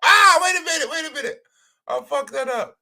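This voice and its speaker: High-voiced man doing casual commentary. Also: a little fast, gravelly. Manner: animated, swears, keeps asking "right?". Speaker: commentary host.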